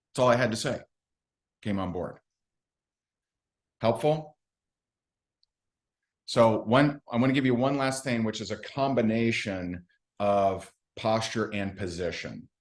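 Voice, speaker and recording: A man's voice: fairly low pitch, unhurried, pauses often. A man giving a recruiting training talk, telling stories in a chatty, self-mocking way and acting out what people said. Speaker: network marketing trainer.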